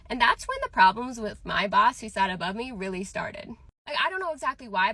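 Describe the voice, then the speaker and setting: A woman's voice: fairly high pitch, bright, forceful tone, dry recording. A young woman telling a casual story about her workplace, chatty and full of "like". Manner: chatty, filler-heavy "like".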